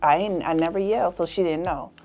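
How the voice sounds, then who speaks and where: A woman hosting a podcast tells a personal story in a lively way, acting out the people in it with laughter. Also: on the low side, quick pace. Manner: animated, acts out the people in her story with laughs. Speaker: podcast host.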